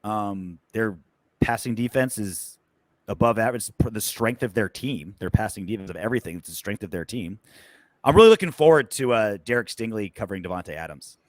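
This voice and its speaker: A man's voice: on the low side, lively intonation, fairly quick, dry recording. A man co-hosting a casual sports podcast, loose and sarcastic, with lots of fillers and swearing. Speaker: podcast co-host.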